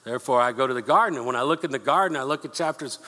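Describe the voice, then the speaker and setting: A man preaching a sermon, earnest and repeating himself, slowing down to read scripture aloud. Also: mid-range voice, sharp tone. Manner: earnest, repeats words, slows for scripture reading. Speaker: pastor. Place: church sanctuary. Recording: long hall reverb.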